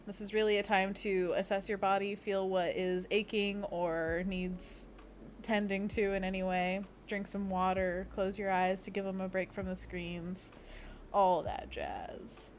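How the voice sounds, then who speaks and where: A woman's voice: medium pitch, flat delivery, a little slow, a little hiss or hum. Playful giggly woman hosting a livestream. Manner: playful, giggly, leads stretches with silly monkey noises. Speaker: livestream host. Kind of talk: casual livestream chat.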